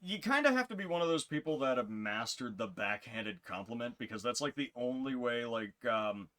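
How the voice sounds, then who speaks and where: A man's voice: animated, a little fast, a bit bright. A man co-hosting a casual podcast, telling long rambling stories and laughing often. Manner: rambling storyteller, jumps into high voices for quotes. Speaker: podcast co-host. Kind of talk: casual chat.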